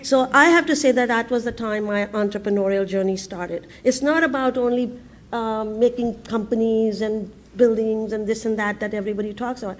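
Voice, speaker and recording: A woman tells her story to a conference audience. She speaks in a fairly high voice, laughing often, breaking off and restarting her sentences. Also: normal speed. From India. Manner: lively, laughing, frequent restarts and fillers. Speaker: entrepreneur giving a conference talk. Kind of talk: humorous storytelling talk. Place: conference stage before an audience.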